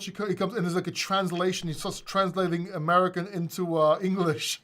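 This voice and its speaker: A male host with a fairly high voice, talking in a casual livestream chat. He is animated and emphatic, with blunt remarks and the odd curse word. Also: brisk.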